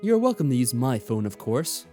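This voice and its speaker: A man's voice: medium pitch, very animated, moderate pace, warm tone, faint music behind, close to an everyday voice. A man reading a courteous wealthy mansion owner. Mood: polite, composed. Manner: tries for posh but stays near own voice. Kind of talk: let's play reading of a visual novel.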